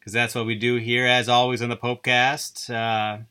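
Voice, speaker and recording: A man's voice: medium pitch, little pitch movement, moderate pace, bright, forceful tone, smooth. A man hosting his own podcast, rambling through a goofy, self-deprecating solo monologue. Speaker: podcast host.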